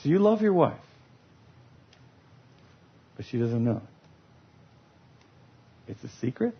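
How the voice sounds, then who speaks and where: A man's voice: medium pitch, very animated, slow pace, a little hiss or hum. A man giving a humorous teaching talk about love languages, playful and laughing as he acts out scenes. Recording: lo-fi recording.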